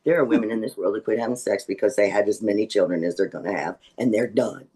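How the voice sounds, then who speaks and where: A woman in her sixties telling stand-up stories on a video call, wry and deadpan with indignant asides. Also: extremely low pitch, fast talker, husky. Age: 60s. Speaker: stand-up comedian. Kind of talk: stand-up storytelling.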